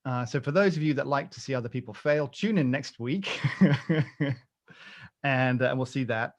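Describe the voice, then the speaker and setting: British dude rambling about coffee, lots of uhs and restarts, a bit muffled. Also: male voice, mid-range voice, animated, normal speed. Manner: rambling, joking, with many fillers and restarts. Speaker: coffee podcast co-host. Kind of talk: casual chat.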